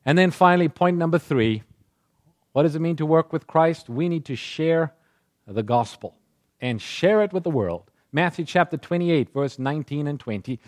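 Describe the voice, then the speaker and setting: A man's voice: on the high side, expressive, moderate pace, no echo, studio quality. A man preaching a sermon, retelling scripture stories and acting out the voices in the quotes.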